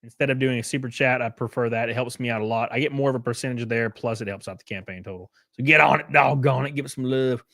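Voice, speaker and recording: A man's voice: mid-range voice, fast, creaky, few pauses, fairly bright tone, dry recording, clean studio sound. A man hosting a casual livestream, reading chat and news aloud with sarcastic, swearing reactions, sounding worn out and short of breath. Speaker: streamer host.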